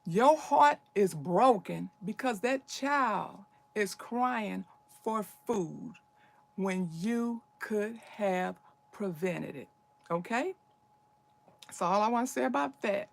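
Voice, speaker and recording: A woman's voice: mid-range voice, expressive, takes it slowly, vocal fry. An older woman hosting a casual livestream, talking in an urgent, preachy, emphatic way. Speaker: livestream host.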